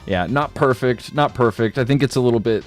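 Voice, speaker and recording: A man's voice: mid-range voice, fairly quick, faint music behind. A man streaming a game and chatting casually, laid-back and slangy, joking at his own expense and laughing often.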